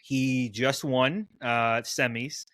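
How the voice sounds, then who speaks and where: A man's voice: mid-range voice, steady tone, slow pace, a bit bright, dry recording. A man from Florida co-hosting a podcast in a chatty, upbeat way, with lots of loose fillers. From Florida, USA. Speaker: podcast co-host. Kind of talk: casual podcast chat.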